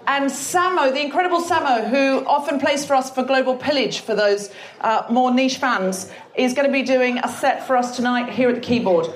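A woman's voice: sits high, moderate pace. A woman hosting a live comedy show on stage, joking and bantering with the audience. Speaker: host.

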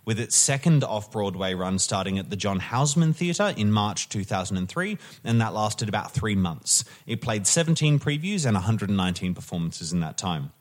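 A man's voice: lowish voice, big pitch swings, moderate pace, few pauses. A man hosting a podcast, casually reading out a show's history with wry asides and self-corrections. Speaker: podcast host.

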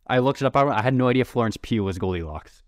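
A man's voice: mid-range voice, lively intonation, fast, no echo. A man co-hosting a podcast in casual chat, rambling with lots of "like" and sometimes tongue-tied. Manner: rambling, heavy use of "like", tongue-tied at times. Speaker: podcast co-host.

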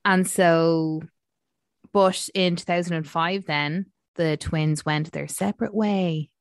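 Low-pitched woman rambling through a movie recap, lots of ums, dry sound. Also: fairly even intonation, slow pace, dry recording. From Ireland. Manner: chatty, rambling with many fillers. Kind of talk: casual film review chat.

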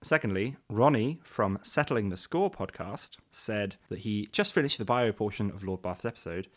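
A man co-hosts a history podcast in relaxed, casual chat. His voice sits a little low. He speaks in a dry, understated way. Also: moderate pace. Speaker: podcast host.

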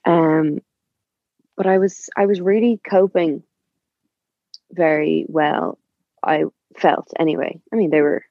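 A woman's voice: low voice, fairly even intonation, takes it slowly, long pauses, dry recording, muffled recording. A woman telling a personal story in a chatty, rambling way, full of fillers. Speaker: guest. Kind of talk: casual storytelling.

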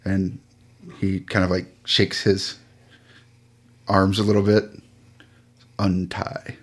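A man narrating as game master of a tabletop game, relaxed and hesitant with many fillers. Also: low voice, takes it slowly, husky.

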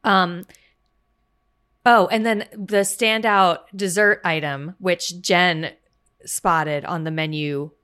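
A woman's voice: lowish voice, fairly even intonation, slow pace, a bit bright, clear, resonant tone. A woman co-hosting a podcast, chatting enthusiastically about restaurant meals. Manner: chatty, enthusiastic food storytelling. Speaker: podcast co-host. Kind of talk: casual chat.

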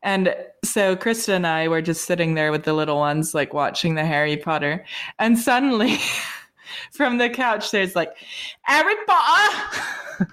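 A woman's voice: low-pitched, clear, resonant tone. Giggly woman podcast co-host. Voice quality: quick, giggly storytelling. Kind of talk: casual chat.

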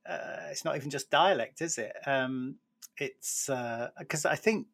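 A man's voice: medium pitch, a little slow, vocal fry, fairly bright tone. A man hosting a podcast in casual conversation, hesitant, with many fillers and restarts. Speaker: podcast host.

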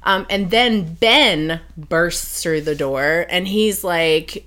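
A woman's voice: on the low side, takes it slowly, a bit bright. A woman co-hosting a podcast, casually recapping a romance novel's plot with frequent fillers and self-corrections. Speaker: podcast co-host. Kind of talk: casual chat recapping a book.

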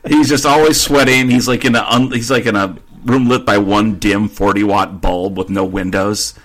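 A man's voice: lowish voice, fairly even intonation, moderate pace, a bit bright. A man co-hosting a casual sports podcast, joking and riffing on absurd made-up scenarios. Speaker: podcast co-host.

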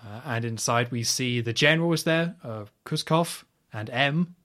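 A man in the middle of an ordinary pitch range hosts a casual podcast. He talks through a film recap in a rambling, chatty way and offers blunt opinions along the way. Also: normal speed, fairly bright tone. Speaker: podcast host.

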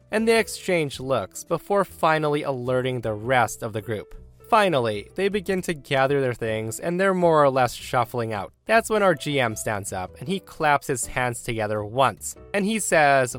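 A man reads a first-person story aloud with a lively, animated voice that rises and falls with the action. He lifts his pitch when he quotes the people in the tale. Faint music plays under him. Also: normal speed. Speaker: narrator.

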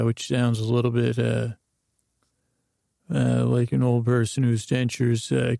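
A man hosting a podcast, telling a meandering bedtime story in a drowsy, rambling monotone full of fillers. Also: mid-range voice, creaky, no room sound, studio quality. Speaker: podcast host.

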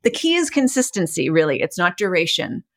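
A woman's voice: fairly low pitch, big pitch swings, brisk. A middle-aged woman hosting a podcast, guiding listeners through a self-help exercise in an encouraging, conversational way and laughing often. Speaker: podcast host and coach.

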